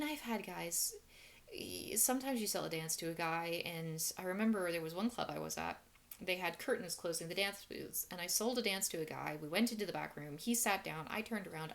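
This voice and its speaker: A woman's voice: on the low side, fairly bright tone. A woman casually telling stories from her past work in a frank, wry, matter-of-fact way, chatty and full of restarts. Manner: chatty with many fillers and restarts. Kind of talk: casual monologue storytelling.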